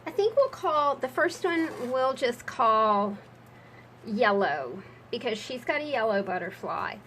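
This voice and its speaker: A woman's voice: on the high side, sing-song, unhurried, fairly bright tone, a little hiss or hum, poor audio. Chatty woman showing her crafts. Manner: chatty, rambling asides with fillers. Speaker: junk journal crafter. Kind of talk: casual crafting vlog.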